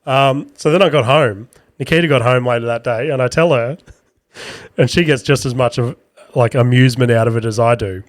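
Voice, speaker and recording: A man, hosting a podcast and telling a crude, self-deprecating story in a casual, animated way. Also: mid-range voice, normal speed, no echo. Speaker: podcast host.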